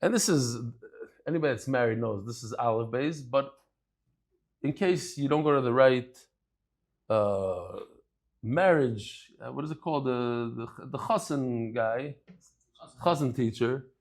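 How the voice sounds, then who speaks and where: A man giving a daily Talmud lecture, conversational and lively, acting out bits of dialogue as he explains with everyday examples. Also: medium pitch. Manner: lively, acts out dialogue in quick asides. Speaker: Talmud teacher.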